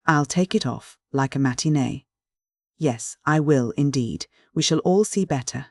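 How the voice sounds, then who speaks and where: A reader voicing Gwenna, a small, dreamy young Welsh woman typist with a soft, eager voice and a Welsh accent. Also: mid-range voice, measured pace, no room sound, clean studio sound. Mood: apologetic. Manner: softly modulated, eager.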